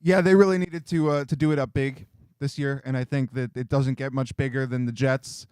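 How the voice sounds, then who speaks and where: A man co-hosting a sports radio show, speaking in a measured, agreeable way. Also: mid-range voice, fairly even intonation, darkish tone, clean tone, no echo. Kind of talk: casual sports talk. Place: radio studio.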